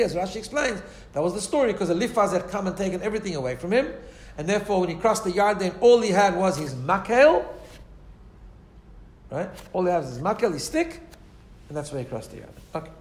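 A Torah teacher, male, leads a class in an Orthodox Jewish English accent with Ashkenazi Hebrew pronunciation. His high-pitched voice moves quickly with lively intonation. He keeps it chatty, repeating words and constantly asking "right?"

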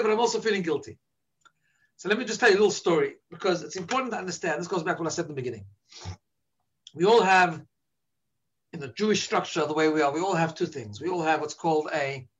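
A man's voice: sits high, sharp tone. A man teaching an informal religious talk to a live audience, telling stories and checking in with "right?". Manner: storytelling, frequent "right?" checks.

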